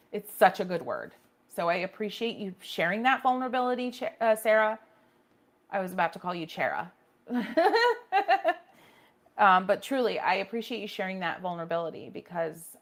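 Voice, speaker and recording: A woman hosting a casual painting livestream, chatting with viewers and reacting to their comments, often restarting her sentences. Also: medium pitch.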